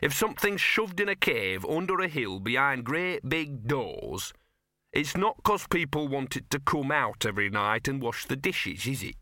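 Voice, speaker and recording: A man's voice: mid-range voice, big pitch swings, normal speed, sharp tone, no echo, clean studio sound, pitched above the performer's own voice. A man doing a grumbling, smug talking dog. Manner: grumbling, smug, self-pitying. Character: grumbling scruffy small male talking dog.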